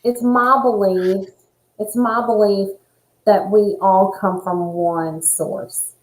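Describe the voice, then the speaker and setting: A woman who is a nurse and spiritual coach, talking in an earnest, animated way in casual conversation. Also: medium pitch, slow, reverberant, low-quality recording. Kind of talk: casual chat.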